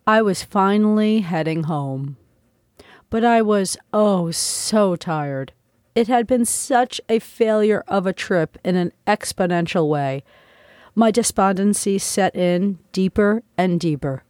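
A woman's voice: medium pitch, a little slow, darkish tone, no echo. Woman narrator, audiobook memoir, reflective and heartfelt, dry close-miked voice.

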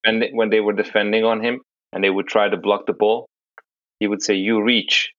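A man's voice: lowish voice, flat delivery, brisk, no echo, muffled recording. A man co-hosting a podcast, teasing his partner playfully in casual banter.

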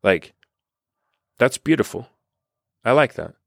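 A man talking as a life coach, telling a story in an animated way and swearing casually. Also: mid-range voice, slow, creaky, no echo, studio quality. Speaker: life coach and podcast host. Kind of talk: casual motivational monologue.

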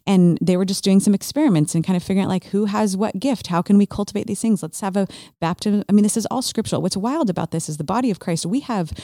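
A woman in her forties tells a personal story at a rapid clip, her voice low and warm. She gets animated, slipping into little acted-out asides of what she thought at the time. The sound is close and dry, with no room around it. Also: dry recording. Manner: animated, acts out her own past thoughts in quick asides. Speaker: guest sharing a faith testimony. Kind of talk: casual conversational storytelling.

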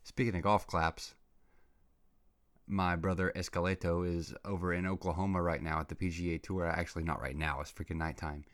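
A man hosting his own comedy podcast, rambling excitably and throwing in slang like "dude" and "bro" as he rants. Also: deep voice, brisk. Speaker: podcast host. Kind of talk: comedic solo podcast rant.

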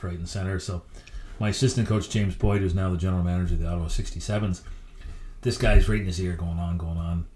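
A middle-aged man with a very low voice tells coaching stories at a brisk clip. He speaks as a guest in a podcast interview and is a lively, anecdotal storyteller. His voice carries a noticeable room echo. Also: a little hiss or hum.

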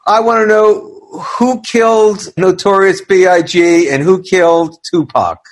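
A man's voice: sits high, fairly even intonation, measured pace, low-quality recording. A man hosting a music-business podcast, asking his guest loose, hesitant questions. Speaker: podcast host. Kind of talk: casual interview.

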